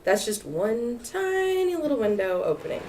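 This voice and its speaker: A woman on a panel talking casually to future teachers, lively and chatty with fillers. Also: on the high side, moderate pace. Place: lecture room at a library event. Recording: distant room mic with faint hiss.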